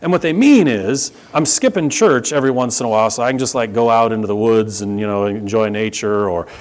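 A man with an American accent preaching a sermon in a church, in a conversational, animated way that acts out little dialogues. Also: lowish voice, fairly quick. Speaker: pastor. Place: church sanctuary.

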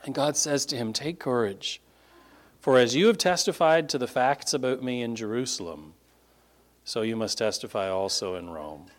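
A man, a pastor preaching a sermon, stressing words with sudden high lifts and then dropping low. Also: normal speed. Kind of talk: closes in prayer.

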